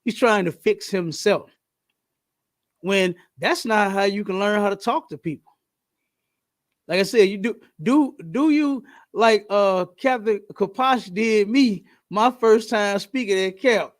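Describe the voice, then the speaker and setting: A man's voice: sits high, unhurried. A man hosting a podcast in casual chat, talking in an emphatic, preachy way and repeating his points. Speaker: podcast host.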